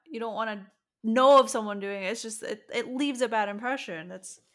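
A woman's voice: a little high, fairly quick, fairly bright tone. A woman co-host in a casual chat who adds short, supportive reactions and comments.

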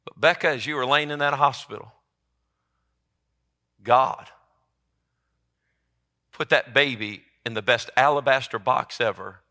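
A man preaching a sermon as pastor, swinging from loud emphatic peaks down to low, quiet lines. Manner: impassioned, rising to loud emphatic peaks then dropping low.

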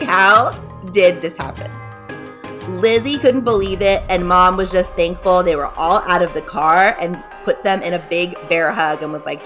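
A woman's voice: fairly low pitch, fairly bright tone. A woman hosting a podcast who recaps a horror story in a chatty, giggly way and acts out the characters. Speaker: podcast host. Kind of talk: casual recap of a horror book.

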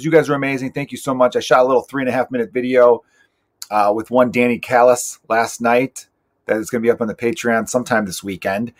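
A man in his thirties, a stand-up comedian hosting his own podcast, rambling in a profane, self-mocking, joking way. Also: medium pitch. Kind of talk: casual solo podcast monologue.

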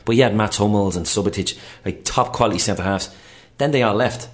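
A man with an Irish accent in casual sports chat on radio, animated and chatty. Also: lowish voice, brisk.

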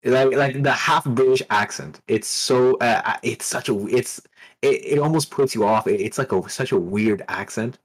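Male podcast co-host, relaxed opinions, stammers, dry sound. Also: mid-range voice, normal speed, dry recording. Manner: easygoing, stammers when explaining. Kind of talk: casual podcast discussion.

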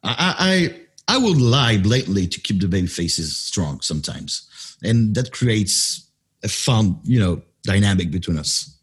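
A man with a French accent talks as a guest announcer in an animated interview, explaining at length and sometimes hunting for the right word. His voice sits fairly low and has a husky grain. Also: unhurried. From France. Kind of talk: interview conversation.

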